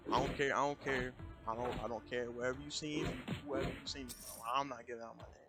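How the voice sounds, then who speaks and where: A young American man streaming, casually retelling a story in a rambling, animated way and repeating himself. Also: medium pitch, quick pace. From United States. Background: music.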